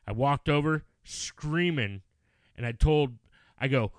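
Animated dad telling a coaching story. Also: male voice, medium pitch, unhurried, dry recording. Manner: animated storytelling, swearing when angry. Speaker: youth baseball coach and father. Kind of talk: casual chat.

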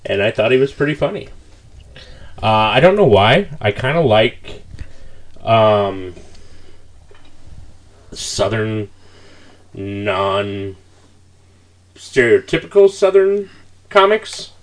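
A man's voice: on the low side, sing-song, slow, pauses often. A man hosting a podcast, talking casually and hesitantly with many fillers. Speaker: podcast host.

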